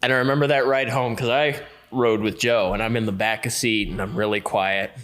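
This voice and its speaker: A man telling a story as a podcast guest, lively and acting out the other people in it. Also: fairly low pitch, a little fast. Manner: lively, acts out the other people in his stories. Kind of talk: casual storytelling.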